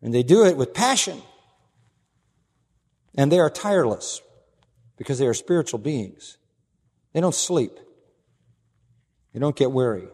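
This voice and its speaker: A male pastor delivering an expository sermon with emphatic, driving conviction, dropping low for asides and rising for key points. His mid-pitched voice carries a long reverb from a large church hall. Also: big pitch swings, measured pace, pauses often, a little mellow, husky. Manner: emphatic, swinging from low asides to raised declarations.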